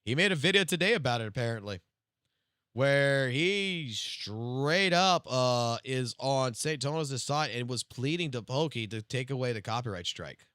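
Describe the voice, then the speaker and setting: A young man with a South Louisiana Cajun accent, live streaming a loud, emphatic, profane rant that swings between loud and low-key. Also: lively intonation, normal speed, clean tone, no echo, studio quality.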